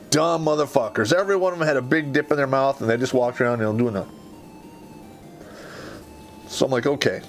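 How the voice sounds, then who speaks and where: A man hosting a podcast, telling a profane, animated story about his Army days and laughing through it. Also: mid-range voice. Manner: animated storyteller, heavy swearing, laughs mid-sentence. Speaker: podcast host and Army veteran. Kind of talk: profane comedic war story.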